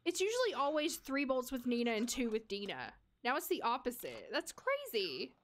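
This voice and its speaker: Her pitch swoops wildly as she talks at normal speed in a high, fairly bright voice. During gameplay, this young streamer keeps up a casual, giggly chat, addressing both her viewers and her characters and laughing often.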